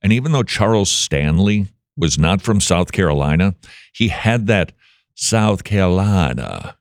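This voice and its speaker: A man hosting a radio talk show, his voice sitting a little low as he jokes and ribs his guest. The sound is close and dry, with no room around it. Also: lively intonation, dry recording. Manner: joking, teasing, quick back-and-forth. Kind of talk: casual interview chat.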